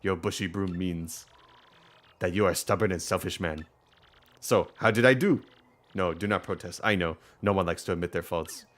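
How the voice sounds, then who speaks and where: A man's voice: medium pitch, animated, fairly quick, hardly any pauses, fairly bright tone, breathy edge, voice pushed up. A man voicing a smug male villager in a snowy game town who analyzes mustaches, dropping a mock "da" into his lines. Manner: faked Russian-style "da", self-assured.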